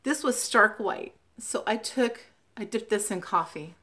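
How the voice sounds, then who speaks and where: A woman's voice: medium pitch, animated, unhurried, pushed and bright. A woman from the West Coast of the United States, chatting casually in a show-and-tell vlog, spelling out names letter by letter with frequent ums. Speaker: Flosstube vlogger.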